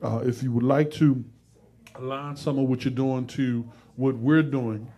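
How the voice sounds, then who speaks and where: A man's voice: mid-range voice, steady tone, measured pace, mellow. Joking male talk show host. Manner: joking and playful, breaks into laughter; loose, conversational phrasing with restarts. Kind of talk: casual live talk show chat.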